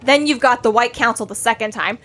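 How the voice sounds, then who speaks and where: A woman's voice: a little high, fairly quick, a bit bright. A young woman co-hosting a casual book podcast, who acts out the characters' lines with swearing and laughter. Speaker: podcast co-host. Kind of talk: casual book discussion chat.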